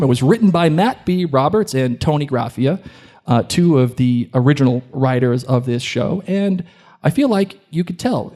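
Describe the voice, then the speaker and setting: Joking Boston man hosting live. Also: medium pitch. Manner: animated, joking, addresses the crowd. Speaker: podcast co-host. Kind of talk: live podcast chat before an audience. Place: hotel event room.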